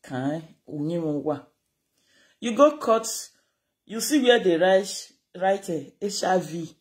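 Slow-paced and mid-range, this Nigerian-accented speaker delivers a casual, scolding rant to the camera. The delivery is animated, moving back and forth between Pidgin and Yoruba.

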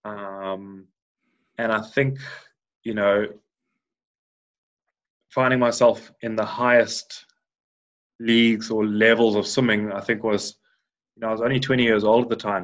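A man in his thirties from South Africa, a podcast guest who talks in a rambling way, full of restarts and fillers. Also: on the low side. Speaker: guest, former Paralympic swimmer. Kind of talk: casual podcast interview. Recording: dull lo-fi sound.

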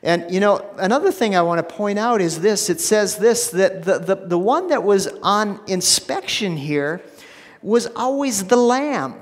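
A man preaching a sermon as pastor, emphatic, repeating phrases and dropping to a hushed low voice for stress. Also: lively intonation, measured pace, long reverb tail. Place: church sanctuary.

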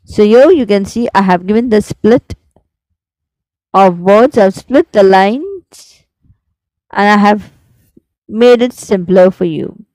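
A woman teaching a poetry recitation lesson, reading lines slowly and carefully with rhythm. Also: medium pitch, mellow, no room sound, rough recording.

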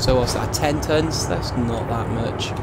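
A man's voice: medium pitch, a little slow, gravelly, heavy background noise. A young man streaming a truck driving game, chatting casually and mocking himself as he drives. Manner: chatty, rambling, self-mocking. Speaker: gaming streamer. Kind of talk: casual live gameplay commentary.

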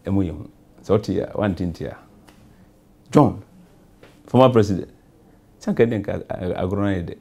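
A Ghanaian member of parliament gives rambling, repetitive answers in a talk show interview, switching between English and Twi. His voice is deep, creaky and darkish in tone, at a normal speed with frequent pauses.

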